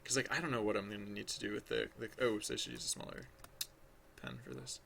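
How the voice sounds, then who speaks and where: A man's voice: medium pitch, steady tone, fast talker, vocal fry, fairly bright tone, slight background noise. A man thinking aloud as he draws on a livestream, rambling and hesitant, full of restarts, chatting with viewers. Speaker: livestreaming digital artist.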